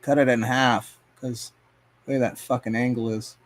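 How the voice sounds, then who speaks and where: A man's voice: mid-range voice, level tone, moderate pace. A man live streaming as he paints, rambling to himself and his chat in a casual, profane way. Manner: rambling, talks to himself and chat, swears often.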